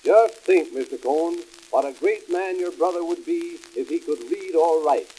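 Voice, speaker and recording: A man's voice: fairly high pitch, normal speed, mellow, breathy edge, poor audio. A man voicing a stern judge who questions applicants in clipped, official tones, in 1920s vaudeville comedy record style.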